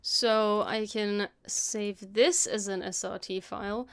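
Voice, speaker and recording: Live-streaming her editing work, a motion designer and video editor from Germany talks through what she's doing in a slow, steady, clean-toned voice of medium pitch. Her accent mixes German with British English, and her casual narration is hesitant, full of self-corrections.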